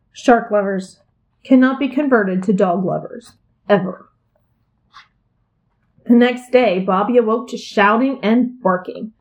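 A woman reads a children's picture book aloud with playful emphasis. Her voice is at a middling pitch and carries the story along. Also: a little slow, pauses often, poor audio.

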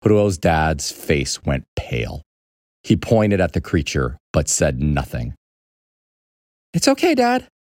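A man reading a children's story aloud with an animated, expressive delivery. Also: a bass voice, slow pace, dry recording, clean studio sound. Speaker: narrator.

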